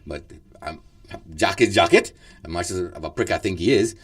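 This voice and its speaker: A man's voice: low voice, lively intonation, moderate pace. A man, hosting a casual radio chat show, rambling with lots of fillers and laughs.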